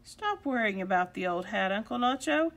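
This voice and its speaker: A woman's voice: medium pitch, lively intonation, moderate pace, fairly bright tone. A woman voicing a clever, cheerful schoolgirl in a storybook read-aloud. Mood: caring.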